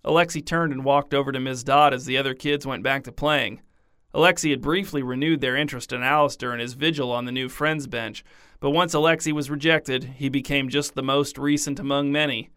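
A man narrating a story in a deadpan, scripted reading. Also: mid-range voice, brisk, clear, resonant tone, no echo, studio quality.

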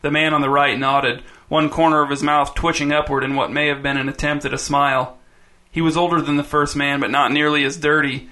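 A man's voice: fairly high pitch, sharp tone. A man reading a story aloud in scripted narration, with a dry, wry delivery.

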